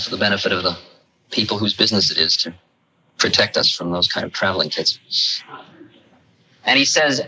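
An older man telling a personal story to an audience, animated and acting out the lines he quotes. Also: medium pitch, rough recording. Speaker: speaker recounting a personal story. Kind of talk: storytelling talk.

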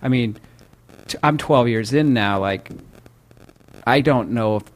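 A man's voice: mid-range voice, measured pace. Chatty upbeat man from the Midwest. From American Midwest. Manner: chatty, laughs easily, upbeat. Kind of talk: casual chat.

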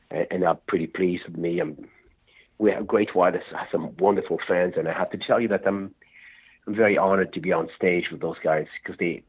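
This man, a rock singer, has a low, husky voice. Phoning in to a radio interview, he meanders through his answers and keeps breaking into laughter, all heard over a tinny line.

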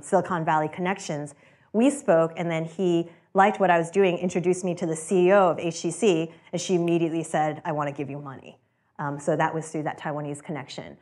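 A chatty woman talks casually to an audience about founding her company, her voice slightly low and darkish in tone. She laughs often and acts out the people she quotes.

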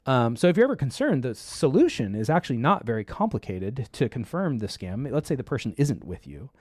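A man's voice: medium pitch, a little fast, dry recording, clean studio sound. A man hosting a casual tech talk show, telling stories and acting out the voices in them. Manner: animated storyteller, acts out quoted voices.

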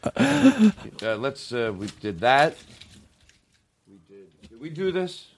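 A man's voice: mid-range voice, expressive, slow pace, a bit bright. A man hosting a show in casual chat, rambling, cutting himself off and swearing freely. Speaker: podcast host.

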